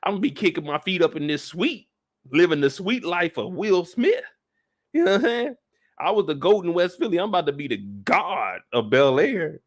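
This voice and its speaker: A man hosting a casual live after-show discussion, ranting comedically with heavy slang and swearing, and jumping into loud voices for the people he quotes. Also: fairly high pitch. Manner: animated, comedic rant with lots of slang and swearing. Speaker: show reaction host.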